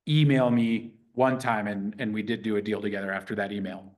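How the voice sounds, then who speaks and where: A man teaching a real estate class in a lively, conversational way, acting out sample phone calls. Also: on the low side, fairly quick, hardly any pauses. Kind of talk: teaching a live workshop.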